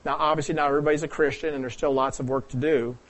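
Racing through his sermon, a man from the Pacific Northwest of the United States teaches rather than orates, asking questions of his listeners and clearing his throat often. His voice is a little high, fairly bright and steady in tone.

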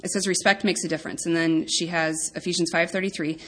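A woman's voice: lowish voice, fairly even intonation, quick pace, fairly bright tone. A woman in her thirties giving an earnest, chatty talk to a women's group, with many ums and asides. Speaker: women's ministry speaker.

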